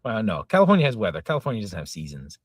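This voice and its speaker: A man's voice: on the low side, wildly swooping pitch, rapid-fire, no room sound. A man in his forties from the United States, chatting casually on a live stream with dry joking asides. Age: 40s. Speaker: livestream co-host. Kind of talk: casual livestream chat.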